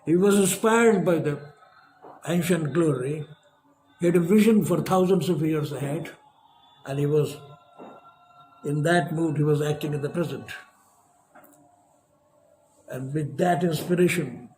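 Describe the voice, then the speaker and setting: A man giving a lecture as a professor, measured and emphatic, with long pauses. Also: fairly high pitch, darkish tone, slight background noise.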